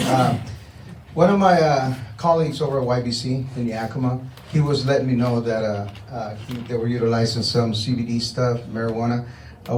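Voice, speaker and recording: A man's voice: mid-range voice, darkish tone. A man speaks from the audience with light jokes and lots of hesitation. He is heard at a distance in an echoey room with faint background noise. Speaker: audience member.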